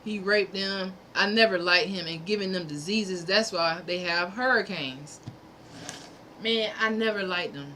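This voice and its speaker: A woman's voice: mid-range voice, a little slow, pushed and bright, slight background noise. A woman hosting a livestream, delivering a fervent, preachy monologue in repeated punchy phrases, sometimes profane. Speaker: livestream host.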